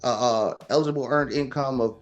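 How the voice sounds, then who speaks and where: A man's voice: medium pitch, a little fast, faint music behind. A man talking casually and emphatically, lecturing with rhetorical questions. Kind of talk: casual opinion talk.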